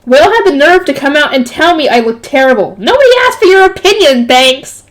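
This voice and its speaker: A woman's voice: sits high, very animated, brisk. A woman reading a light novel aloud, stopping often to add casual jokey comments. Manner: breaks off to comment and joke. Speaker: reader.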